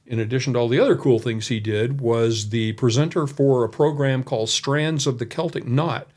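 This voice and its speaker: Male podcast guest with a middle-pitched voice, rambling and folksy as he tells his story, recorded indoors. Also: moderate pace, a little mellow. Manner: rambling and folksy, with many asides. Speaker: college development director, podcast guest. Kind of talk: anecdotal storytelling in a conversation. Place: indoor room.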